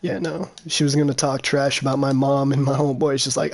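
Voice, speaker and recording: A man's voice: medium pitch, level tone, brisk, few pauses. A young man in casual voice chat, telling a crude story with lots of laughing.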